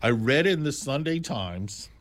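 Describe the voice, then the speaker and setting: A man in his sixties or older telling stories in a casual, animated, digressive way, full of exclamations and asides. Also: mid-range voice, measured pace. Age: 60s or older. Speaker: jazz storyteller. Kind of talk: casual storytelling monologue.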